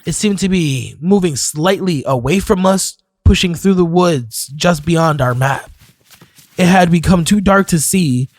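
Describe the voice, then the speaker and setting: A man narrating a horror story in a measured, scripted storytelling manner. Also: on the high side, no room sound, clean studio sound. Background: faint music.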